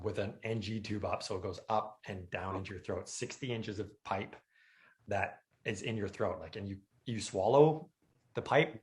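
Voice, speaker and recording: A man telling a personal story in casual chat, animated and acting out the people he quotes. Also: on the low side. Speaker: storyteller recounting his crash.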